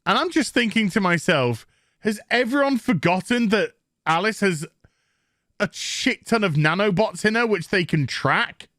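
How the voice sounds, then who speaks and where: A man's voice: sits high, expressive, measured pace, fairly bright tone, no echo, clean studio sound. A man with a Yorkshire accent ranting sarcastically through a profane TV review, mocking the characters with put-on voices. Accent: Yorkshire English. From England. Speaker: TV show reviewer.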